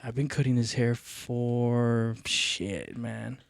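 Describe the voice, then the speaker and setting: A man's voice: medium pitch, steady tone, takes it slowly, gravelly, no room sound, studio quality. A young man hosting a podcast who tells a story in a loose, rambling way, swearing often, with many fillers and chuckles. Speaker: podcast host. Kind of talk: casual storytelling monologue.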